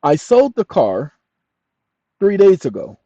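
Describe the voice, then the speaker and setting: A man hosting his channel, lecturing viewers emphatically and addressing them as "ladies and gentlemen", sometimes dictating text slowly and deliberately. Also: sits high, huge pitch swings, dry recording, highs cut off. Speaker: channel host.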